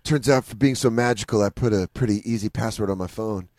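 A man's voice: lowish voice, fast talker, a little mellow, no echo, clean studio sound. A man co-hosting a casual radio talk show, joking along and playing into bits. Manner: playful, jokey, goes along with bits. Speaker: co-host.

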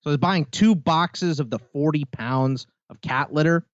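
A man's voice: a little high, moderate pace, no room sound, lo-fi sound. A man co-hosting a podcast, telling a story in casual chat and acting out the people in it. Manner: animated storytelling with quoted voices. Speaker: podcast co-host.

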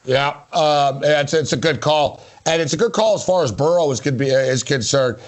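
A man's voice: fairly high pitch, normal speed. Chatty sports show host, man. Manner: chatty, rambling, joking. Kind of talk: casual sports talk.

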